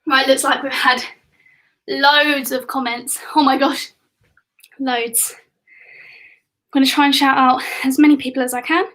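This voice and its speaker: Coaching children through a live home workout in a home room, a young woman counts reps encouragingly and upbeat, though she gets a little out of breath. Her high, fairly bright voice comes across flat and a little slow, with long pauses. The recording is rough and reverberant from a distant mic.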